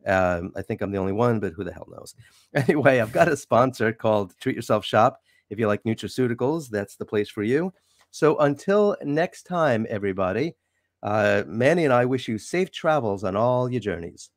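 A man with a New York accent, born in the city, hosting a casual interview with wry, animated chat. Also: medium pitch, moderate pace, no room sound, clean studio sound. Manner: chatty, wry, animated sign-offs. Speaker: show host.

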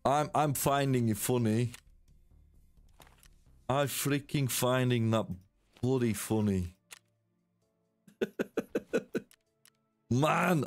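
A man's voice: medium pitch, drawn-out words, pauses often, faint music behind. A man, chatting casually with viewers while streaming a shooter game, exclaiming and laughing. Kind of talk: casual live-stream gaming chat.

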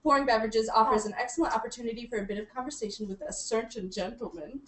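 A woman's voice: fairly high pitch, quick pace, echoey room, slight background noise, poor audio. A young woman hosting a casual group chat, upbeat and giggly, sometimes reading aloud from a book. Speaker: host.

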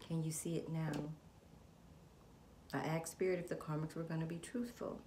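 A woman's voice: low voice, flat delivery, normal speed, pauses often. A woman giving a casual tarot reading to camera, chatting straight to her viewers and calling on spirit. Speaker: tarot reader. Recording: echoey room with background noise.

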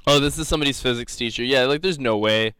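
A man's voice: mid-range voice, fast talker, fairly bright tone, clean tone, no room sound. A young man teaching a live coding lecture, rambling and joking, laughing often. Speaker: coding instructor.

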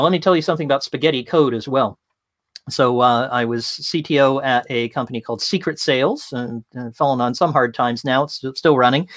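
A man giving an interactive talk from home as a tech consultant, casual and full of fillers, telling lively stories. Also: medium pitch, dry recording.

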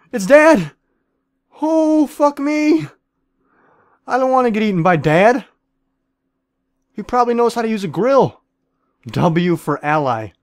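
A man with a fairly high voice rattles off excitable, profane commentary over a game. He talks straight to the other players and keeps up a goofy celebrity-chef bit. The recording is dry, with no room sound. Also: dry recording. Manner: jokingly plays a celebrity chef. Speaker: gaming video creator.

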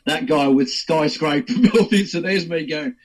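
A man's voice: on the high side, moderate pace, low-quality recording. A man, an actor and podcast guest, telling anecdotes with laughs and put-on voices. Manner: lively, laughs often, does voices in anecdotes. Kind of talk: casual storytelling interview.

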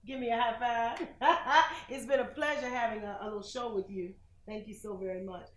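A woman minister preaching on a TV broadcast, dramatic and questioning, swinging between loud and soft. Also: a little high, steady tone, moderate pace, few pauses, roomy sound, a little hiss or hum. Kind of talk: preaching sermon with call-and-response.

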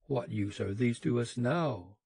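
Man reading a tearful young girl, soft, worried, slow, husky. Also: medium pitch, animated, no echo, heavily acted.

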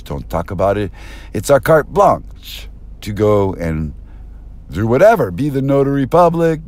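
A man's voice: lowish voice, darkish tone. A man delivering an erratic, conspiratorial stream-of-consciousness monologue, recorded on a binaural mic. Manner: erratic, conspiratorial, jumps between topics. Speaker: self-styled press speaker.

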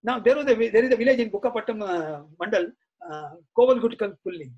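A man's voice: high-pitched, fast, slightly rough, dull audio. A middle-aged man, an interview guest, recounting anecdotes in a chatty, reminiscing way, full of "you see" and "uh". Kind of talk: anecdotal storytelling in conversation.

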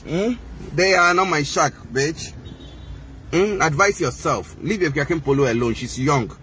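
Ghanaian man with a notably high voice; confrontational, taunting rant, slight hiss in the background. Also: normal speed, bright, forceful tone. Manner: heated, mocking, mixing languages. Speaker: social media personality.

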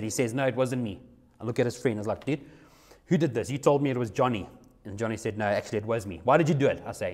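A man's voice: mid-range voice, quick pace, a little mellow. Young man preaching. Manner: conversational, repeats himself, acts out his own quoted lines. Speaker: youth pastor. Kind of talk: sermon with personal story.

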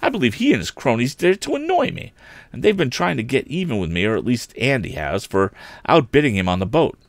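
A man reading a storybook aloud, voicing an earnest young male inventor in a raised, excited voice. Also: a little fast, no echo. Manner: excited, pitched well above the reader's own voice.

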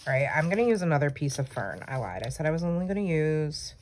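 A woman's voice: sits low, expressive, a little fast, few pauses, darkish tone, slight background noise. A young woman chatting casually and rambling with self-teasing asides while she decorates a planner. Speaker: planner vlogger. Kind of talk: casual chat while crafting.

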